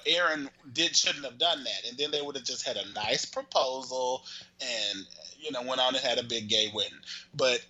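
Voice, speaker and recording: Man, casual chat, rambling retelling, lively swooping pitch, very bright tone. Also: rough recording. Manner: animated, rambling, cursing, acts out the characters. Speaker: storyteller recapping a soap opera.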